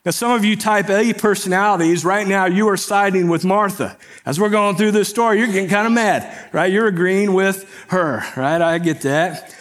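A man gives a sermon in a slightly raised voice. He preaches like he is talking with the congregation, keeps asking them to follow along, and gets lively in the story before turning gentle to explain it. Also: high-pitched, moderate pace. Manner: conversational, often asks "right?" to the congregation. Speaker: pastor.

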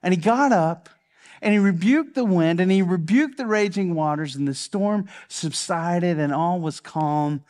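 A male pastor preaching a sermon with passion. He repeats phrases for emphasis and sometimes drops to a hush. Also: sits high, unhurried.

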